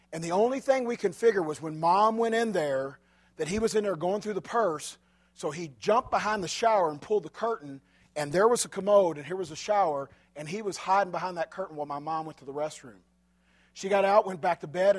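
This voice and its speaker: A man speaking to a church congregation, telling a chatty, rambling story full of asides into a handheld microphone. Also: sits high.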